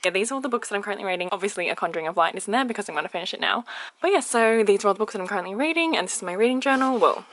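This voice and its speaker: Young woman, book vlogger, chatty and upbeat, bright clear tone, bedroom setting. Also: mid-range voice, lively intonation, rapid-fire, low-quality recording. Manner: chatty, upbeat, laughs often. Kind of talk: casual vlog chat.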